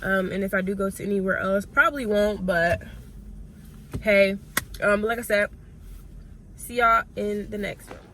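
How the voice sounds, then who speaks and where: A woman's voice: mid-range voice, unhurried, long pauses, fairly bright tone. A young woman vlogging from a parked car, her voice a bit sick and cutting in and out. She talks to her viewers in a chatty, familiar way and counts items aloud. Faint car noise hums behind her. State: a little sick, voice going in and out. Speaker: couponing vlogger. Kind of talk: casual vlog chat.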